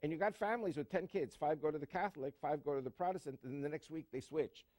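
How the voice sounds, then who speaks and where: A man's voice: a little high, quick pace, darkish tone, no room sound. Emphatic man telling jokes as a guest. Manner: emphatic, storytelling with jokes, many fillers. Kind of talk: interview answer.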